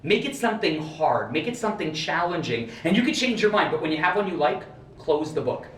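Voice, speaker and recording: Young male magician, animated stage patter, roomy distant sound. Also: a little high, fairly quick, slight background noise. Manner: showy, playful, rising to excited shouts. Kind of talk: live magic act patter. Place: residential building elevator lobby. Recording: echoey room, heard from a distance.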